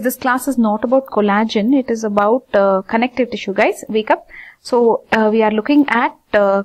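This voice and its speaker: A woman teaching anatomy in an informal lecture, repeating terms slowly and asking her students questions. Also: fairly high pitch, a little mellow.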